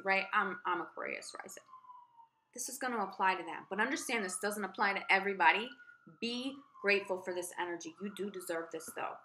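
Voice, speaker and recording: A woman's voice: medium pitch, bright, forceful tone, a little hiss or hum. A woman giving a tarot reading to the camera, spiritual and effusive, speaking straight to the viewer with emphasis. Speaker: tarot reader.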